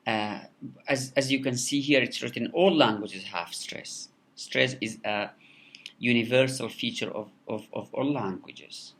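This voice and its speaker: Slow, halting male teacher. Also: on the low side, a bit bright. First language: Kurdish. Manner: halting, many repeated words and fillers. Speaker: English teacher. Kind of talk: recorded lecture.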